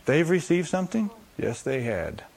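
Animated man preaching a sermon. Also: on the high side, moderate pace, vocal fry. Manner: animated, acts out scripture voices, repeats phrases for emphasis.

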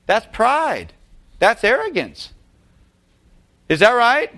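A man's voice: very high voice, huge pitch swings, takes it slowly, a bit bright. A man preaching a sermon, emphatic and repeating key phrases, putting rhetorical questions to his congregation. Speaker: pastor.

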